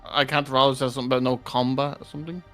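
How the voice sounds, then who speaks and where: A man's voice: medium pitch, flat delivery, racing, bright, forceful tone, soft background music. A man playing a monk character in a tabletop game, blunt and laid-back. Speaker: player.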